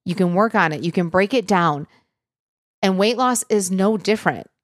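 A woman's voice: medium pitch, normal speed, dry recording. Earnest woman coaching, dry close sound. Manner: earnest, reassuring, addresses listeners directly. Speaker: weight loss coach. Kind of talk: motivational talk to viewers.

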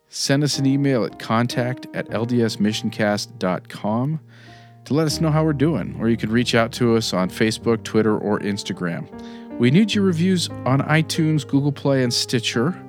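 A man's voice: mid-range voice, animated, normal speed, soft background music. A man hosting a podcast, closing the episode in an easygoing way and asking listeners for reviews. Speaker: podcast host. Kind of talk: show outro.

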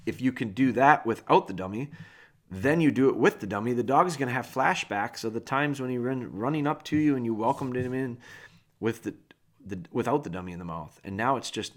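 A man hosting a podcast, giving casual, plain-spoken dog training advice with a folksy, animated manner. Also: medium pitch.

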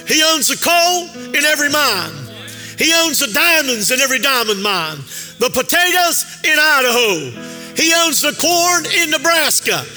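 Male pastor, very high and piercing voice, chanting sermon cadence, echoing church hall. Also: very animated, normal speed, bright, forceful tone. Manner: sing-song preaching cadence with rhetorical calls to the congregation. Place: church sanctuary. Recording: long hall reverb with faint music.

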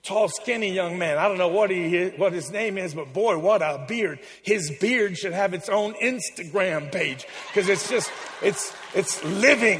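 A man preaching a sermon in a church, exuberant and joking with the congregation, building up to shouts. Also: high voice, in a large hall, background noise. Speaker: pastor.

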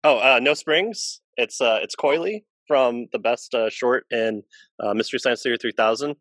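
A man's voice: mid-range voice, normal speed, fairly bright tone, no room sound. A man co-hosting a casual podcast chat, rambling through stories and acting out what people said in little voices. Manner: rambling storyteller who acts out quotes in voices. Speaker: podcast co-host, Christian channel manager.

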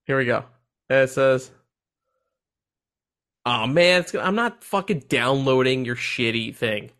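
Male podcast co-host, loose and profane, with a lively, swooping pitch; easy comic chat. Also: unhurried. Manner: profane, joking, laughs often. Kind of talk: casual podcast banter.

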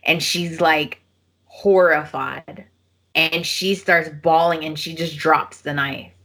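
A woman hosting a podcast, telling a story in casual chat, animated and acting out the quotes. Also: deep voice, slow pace, husky. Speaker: podcast host.

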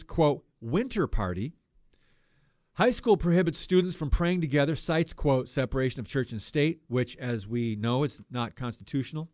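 A fairly high-pitched man hosts a Christian radio talk show into a studio microphone. He preaches with heat, jumping from loud outbursts to quiet, muttered asides. The sound is dry and close. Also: no room sound. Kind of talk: impassioned talk radio commentary.

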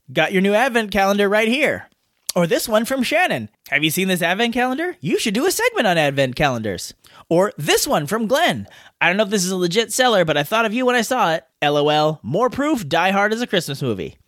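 A man's voice: high voice, sing-song, brisk, fairly bright tone, dry recording, studio quality. A man hosting a podcast, reading listener letters aloud in a playful, jokey way. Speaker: podcast host. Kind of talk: casual podcast chat reading listener mail.

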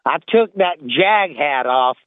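A man telling a joke on a radio show in a relaxed, drawn-out storytelling way, over a tinny phone line. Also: on the high side, dry recording.

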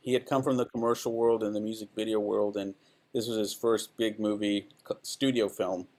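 A man from Texas whose first language is Spanish, a film director telling animated, enthusiastic stories as an interview guest. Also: lowish voice, brisk. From El Paso, Texas. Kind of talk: casual anecdotal storytelling.

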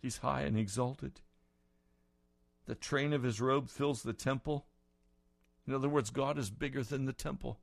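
A man preaching a sermon, retelling scripture dramatically and building to loud, passionate peaks. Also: medium pitch, fairly even intonation, unhurried, vocal fry, long pauses, no echo.

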